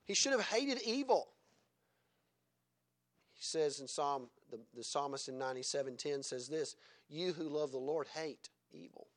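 Preacher, male, high register, punchy exhortations broken by soft chuckling asides. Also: animated, unhurried. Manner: swings between loud exhortation and quiet chuckling asides. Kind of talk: sermon.

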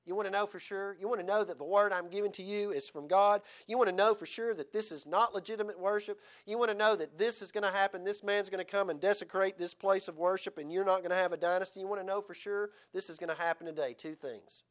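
High-voiced man preaching a sermon. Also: fast talker, hardly any pauses. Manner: animated preaching, reads scripture aloud, rhetorical questions. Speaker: pastor. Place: church.

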